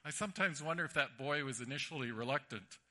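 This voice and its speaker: A man's voice: mid-range voice, fast talker. A man preaching a sermon, telling stories animatedly and acting out the voices. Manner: animated storytelling with acted-out voices.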